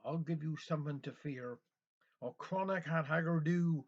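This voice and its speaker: A man's voice: a little high, moderate pace, darkish tone, natural voice. Man voicing an old fishwife, defiant, scornful, lo-fi recording. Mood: furious. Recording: dull lo-fi recording.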